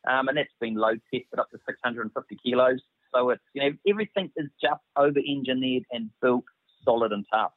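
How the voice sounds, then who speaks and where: A man's voice: mid-range voice, brisk, no echo. A man, an operations manager, chatting casually and agreeably about his company's boats. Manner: agreeable, promotional. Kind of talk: casual interview over phone. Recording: tinny phone line.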